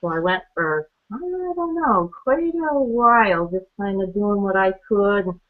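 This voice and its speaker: A woman talks through her own story on a training call, chatty and quick to laugh. She acts out the conversations she remembers. The sound is thin and narrow, like a phone line. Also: medium pitch, animated. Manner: chatty, laughs often, acts out quoted exchanges. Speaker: guest speaker on a training call. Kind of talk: personal testimony.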